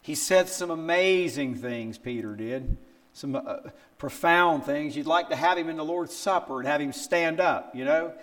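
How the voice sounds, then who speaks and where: Older male pastor, sermon delivery, animated storyteller who tosses out rhetorical questions and leaps up in pitch for quotes. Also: moderate pace. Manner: acts out quotes with big pitch jumps.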